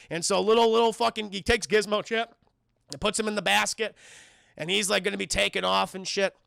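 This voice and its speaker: A young man streaming a casual, profane spoiler recap, talking excitedly to his chat. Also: high-pitched, fairly quick, creaky, dry recording, clean studio sound. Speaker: streamer and film reviewer.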